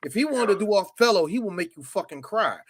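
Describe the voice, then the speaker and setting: A man's voice: sits high, fast talker, breathy edge. A man co-hosting a live podcast, chatting casually and joking, often acting out lines from a film. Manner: animated, joking, acts out lines. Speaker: podcast co-host. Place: live show stage.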